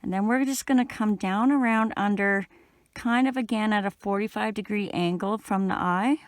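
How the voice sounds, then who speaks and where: A middle-aged woman from Canada giving a relaxed, chatty step-by-step crochet tutorial while she works. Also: medium pitch, normal speed, no room sound, studio quality. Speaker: crochet instructor.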